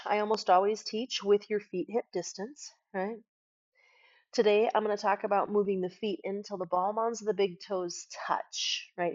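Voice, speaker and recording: Lady yoga teacher calmly talking you through poses, keeps saying right?, kinda muffled lo-fi sound. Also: mid-range voice. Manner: calm step-by-step cueing, often tags "right?". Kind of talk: guided yoga class instruction.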